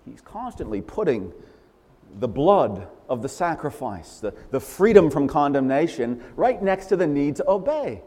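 A man preaching a sermon in an emphatic, animated way, repeating phrases for stress. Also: on the high side, measured pace. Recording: long hall reverb.

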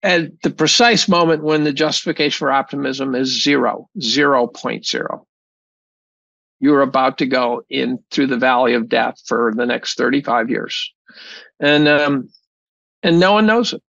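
A man's voice: mid-range voice, moderate pace, creaky, fairly bright tone, dry recording, highs cut off. A man, a professor being interviewed, talking casually in a blunt, profane, rambling way with many restarts. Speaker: guest, chemistry professor.

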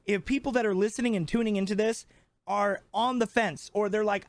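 A man's voice: sits high, fairly even intonation, brisk, no echo. A man in his twenties co-hosting a podcast, ranting heatedly and swearing constantly. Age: 20s. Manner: profane, fired up, emphatic. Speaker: podcast co-host. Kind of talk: heated casual rant.

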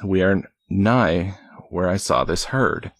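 Little John, a bold, loyal outlaw from an old storybook, speaks in slow, stately old-fashioned phrases, as a man reads him aloud. The voice is low and husky, recorded close and dry. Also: no room sound. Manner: slow archaic storybook delivery.

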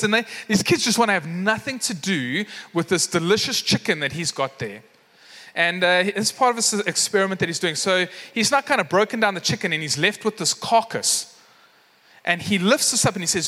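A South African pastor with a high, pushed, bright voice preaches a sermon at a slightly fast clip. He tells a story using acted-out voices and plenty of fillers, and the recording carries a long hall reverb.

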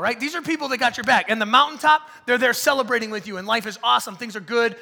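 A man preaching a conversational sermon in a church, swinging between loud bursts and hushed asides. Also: very high voice, quick pace, creaky, long reverb tail. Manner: animated, swings from loud to hushed, acts out voices of others. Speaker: pastor.

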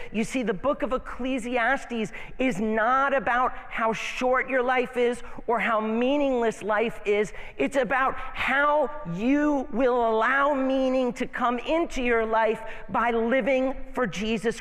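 A man's voice: very high voice, slow, hardly any pauses, fairly bright tone. A pastor in his fifties preaching a sermon in a conversational, folksy way, with frequent asides and restarts. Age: 50s. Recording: long reverb of a large hall.

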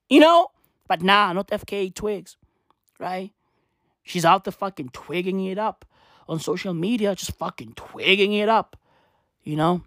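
A woman's voice: medium pitch, animated, moderate pace, no echo, studio quality. Slangy, profane young woman ranting. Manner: slangy, profane, repetitive, laughs at own jokes. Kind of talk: profane comic rant.

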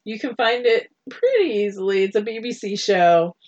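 A woman's voice: mid-range voice, expressive, normal speed, a little mellow, highs cut off. A woman co-hosting a podcast in casual chat, rambling with frequent laughs and restarts. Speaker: podcast co-host.

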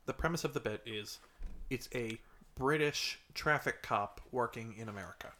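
A young man chatting on a podcast, dry and wry as he recounts old mishaps. His voice sits at a middle pitch for a man. Faint clicks and noise sit behind him. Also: moderate pace, pushed and bright. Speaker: podcast co-host. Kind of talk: casual chat.

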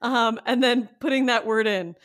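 A woman co-hosting a podcast in casual chat, playful and quick to laugh. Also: fairly high pitch, fairly bright tone. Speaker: podcast co-host.

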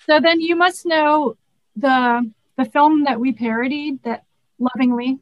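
Woman guest, frank and laughing, slightly high voice, dry close mic. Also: unhurried, no room sound, highs cut off. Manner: frank, laughing, swears casually. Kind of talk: casual podcast chat.

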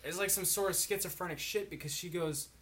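A man's voice: high-pitched, fairly quick, fairly bright tone. Young drunk guy, rambling and swearing, casual chat with faint noise behind. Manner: rambling, profane storytelling. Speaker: friend in a group chat.

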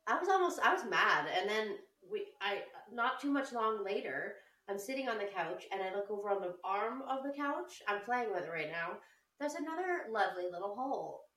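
A woman telling a story in a casual chat, animated, swearing often and laughing as she talks. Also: medium pitch, moderate pace. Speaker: podcast co-host. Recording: roomy, a bit distant from the mic.

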